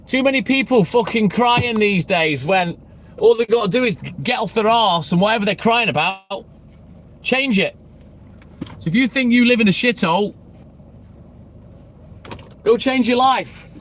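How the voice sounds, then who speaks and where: A man's voice: high voice, unhurried, long pauses, a bit bright. A middle-aged man chatting on a phone live stream from a moving vehicle, blunt and combative, swearing heavily as he answers comments. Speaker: livestreaming milkman. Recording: noisy car with wind noise on mic.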